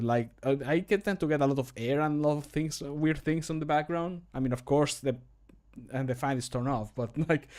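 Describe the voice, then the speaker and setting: A young man whose first language is Spanish, chatting casually on a live stream while recording voice lines at home; he rambles, mocks himself and laughs often. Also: on the high side. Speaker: streamer and voice actor.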